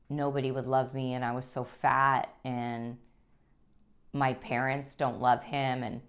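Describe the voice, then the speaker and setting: Low-voiced woman giving earnest testimony. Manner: earnest, halting, with frequent restarts. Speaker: guest sharing her life story. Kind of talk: personal testimony.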